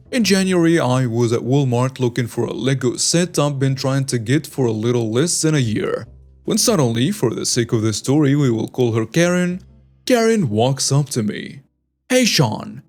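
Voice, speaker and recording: Animated man reading stories aloud. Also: mid-range voice. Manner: animated storytelling, reads lists item by item. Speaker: story narrator. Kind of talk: scripted narration of online stories.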